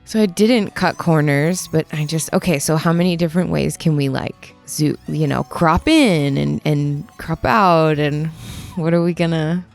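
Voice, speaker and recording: Woman, young adult, casual voiceover, rambling, self-mocking, gravelly, faint music behind. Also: low voice, unhurried, darkish tone. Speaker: metalsmith and video maker. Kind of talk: casual voiceover commentary on her own footage. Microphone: studio voiceover mic.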